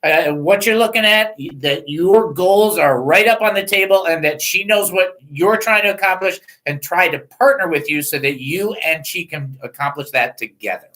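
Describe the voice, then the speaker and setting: Bright-voiced chatty male radio host. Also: sits high, poor audio. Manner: jokey, rambling, self-mocking, reads out phone numbers slowly. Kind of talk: casual talk radio monologue.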